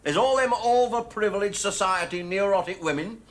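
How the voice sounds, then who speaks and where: A man's voice: sits high, normal speed, close to an everyday voice. A man playing a stammering shopkeeper. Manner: stutters, dry and sly. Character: stammering, penny-pinching middle-aged male shopkeeper. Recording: hissy old sitcom clip.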